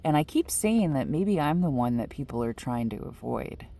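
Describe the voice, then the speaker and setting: A woman's voice: rumbling low, very animated, normal speed, vocal fry, warm tone. A woman vlogging from inside her car, casually telling a story to the camera with lots of "like" and "you know".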